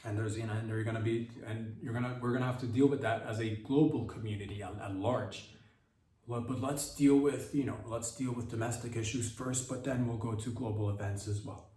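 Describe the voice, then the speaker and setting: A man hosting a podcast, riffing through an absurd comedic monologue in a deadpan, rambling way with many restarts. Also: on the low side, fairly quick. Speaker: podcast host. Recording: echoey room, distant from mic.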